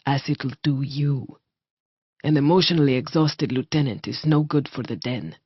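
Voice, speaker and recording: A woman voicing a calm, firm male wolf-shifter healer, speaking quietly and steadily on a slightly muffled recording. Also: rumbling low, normal speed, breathy edge, no room sound.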